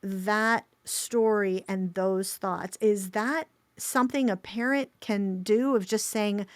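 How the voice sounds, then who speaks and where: A woman's voice: medium pitch, slow pace, dry recording. A middle-aged woman co-hosting a podcast, telling a story earnestly and relaying what a friend said. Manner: earnest, retells a friend's words with feeling. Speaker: podcast co-host. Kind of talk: conversational storytelling.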